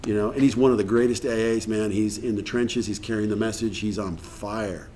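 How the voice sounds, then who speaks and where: A man's voice: fairly low pitch, steady tone, fairly quick, dark tone, slight background noise. A man leading a recovery workshop in a meeting room, talking earnestly and acting out bits of dialogue. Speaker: workshop speaker.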